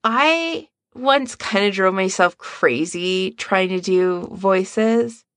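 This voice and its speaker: A woman's voice: mid-range voice, takes it slowly, fairly bright tone, no room sound, clean studio sound. A woman hosting a podcast, chatting casually about fan audio recordings and laughing often. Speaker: podcast host.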